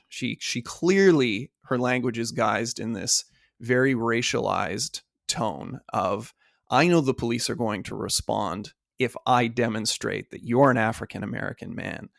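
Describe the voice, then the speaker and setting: Gravel-voiced male podcast host giving measured commentary, dry close sound. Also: mid-range voice, dry recording. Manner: measured, explanatory, with frequent fillers. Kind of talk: casual commentary.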